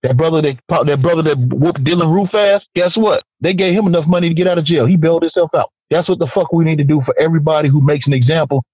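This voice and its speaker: Male podcast host, rapid-fire angry profane rant, dry close sound. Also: a little high, a little mellow, breathy edge, dry recording, poor audio. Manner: heated, profane and emphatic.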